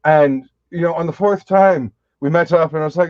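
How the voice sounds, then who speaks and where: A man's voice: a little high, normal speed. A man hosting a casual live chat, telling rambling, profane stories and laughing often. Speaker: host. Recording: dull, dry lo-fi sound.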